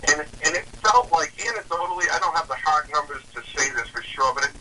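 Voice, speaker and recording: A man's voice: fairly high pitch, expressive, quick pace, sharp tone, recorded from a distance, slight background noise, poor audio. A man from Massachusetts, a guest talking politics in an earnest, persuasive way. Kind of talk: political discussion.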